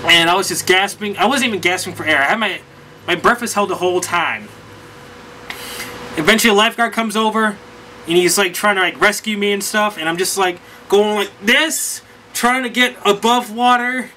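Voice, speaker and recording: Male vlogger, high and sharp-toned, animated rambling storyteller. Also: normal speed, a little hiss or hum, rough recording. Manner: rambling, animated, lots of fillers. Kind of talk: casual storytelling recap.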